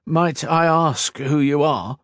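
A man's voice: a little high, animated, normal speed, darkish tone, no room sound, clean studio sound, pitched above the performer's own voice, close to an everyday voice. A man doing a nervous timid captain. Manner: anxious, deferential. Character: nervous middle-aged male captain, timid clerk.

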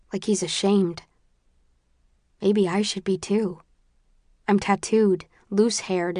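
A woman reading a first-person story aloud in a measured, often quiet and subdued way. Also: medium pitch, dry recording, studio quality. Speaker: audiobook narrator. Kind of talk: first-person audiobook narration.

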